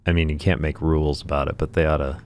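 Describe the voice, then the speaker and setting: A man's voice: rumbling low, level tone, fast talker. A man hosting an interview, mostly giving short agreeing replies and a few longer remarks. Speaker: host. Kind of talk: casual interview chat.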